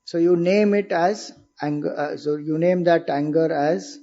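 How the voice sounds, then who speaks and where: A man's voice: on the high side, steady tone, unhurried, mellow. Indian-accented man giving a spiritual talk. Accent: Indian English. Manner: explanatory, conversational, with rhetorical questions. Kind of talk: informal spiritual discourse. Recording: dull lo-fi recording.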